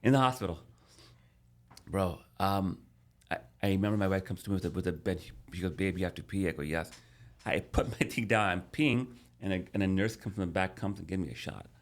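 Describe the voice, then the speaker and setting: A man in his thirties, a podcast guest, telling a personal story in a casual, animated way with many restarts. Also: low voice, brisk.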